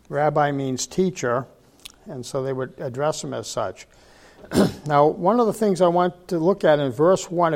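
A man's voice: a little high, darkish tone. Older man preaching a casual Bible talk. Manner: conversational, asks rhetorical questions, repeats words. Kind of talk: informal sermon.

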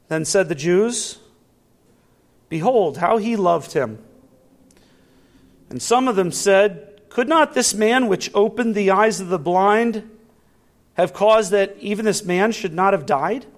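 A high-pitched man delivers a sermon at a deliberate, measured pace. He reads scripture slowly, then lifts his voice into fervent, emphatic appeals. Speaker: preacher.

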